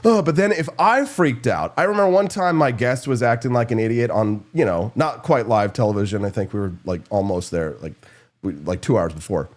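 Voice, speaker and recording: A male host telling stories on his own political talk show. His voice sits at an ordinary middle pitch, and he rambles from one anecdote to the next, breaking into quick impressions of the people he quotes. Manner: rambling, animated storytelling with impressions. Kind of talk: casual political commentary.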